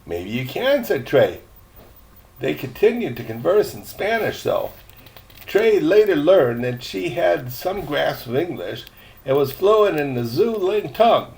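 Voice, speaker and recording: Older man, grandfatherly storyteller, gravelly, slow, chatty asides, lots of ums. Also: on the high side, very animated, darkish tone. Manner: rambling, chatty asides, many fillers. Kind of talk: reading a chapter book aloud.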